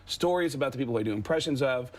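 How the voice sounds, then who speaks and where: A man's voice: mid-range voice, fast talker. A man, a comedian and impressionist, chatting as a guest in an interview and telling anecdotes. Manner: chatty storyteller, slips into impressions mid-story. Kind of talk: casual interview chat.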